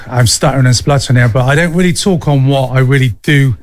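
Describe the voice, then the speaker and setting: A man's voice: medium pitch, fairly even intonation, quick pace, hardly any pauses. A man hosting a radio show, chatting casually and restarting his sentences. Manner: chatty, many yeahs and restarts. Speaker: radio host.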